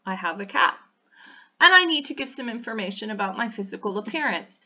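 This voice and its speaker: A woman's voice: mid-range voice, expressive, brisk, sharp tone. A woman teacher, talking through a lesson voice-over in a patient way and often checking in with "okay?". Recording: dull, lo-fi audio.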